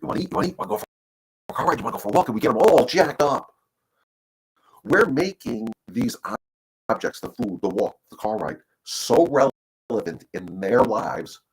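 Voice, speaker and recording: Husky low-voiced male dog trainer. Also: poor audio. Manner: rambling, repeats words, acts out quoted voices. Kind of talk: casual livestream advice talk.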